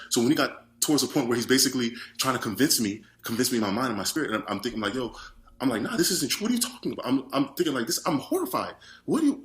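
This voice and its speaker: Male testimony speaker, fast and halting, full of restarts, recorded in a reverberant room. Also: medium pitch, fairly bright tone. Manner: halting, with many restarts and repeats. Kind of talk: personal testimony. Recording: echoey room.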